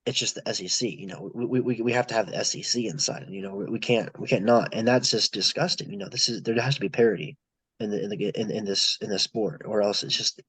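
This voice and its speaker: A man's voice: fairly low pitch, quick pace, fairly bright tone, husky, no echo, low-quality recording. A man co-hosting a podcast, rambling through his opinions on college football with many restarts. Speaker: podcast co-host. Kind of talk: casual sports discussion.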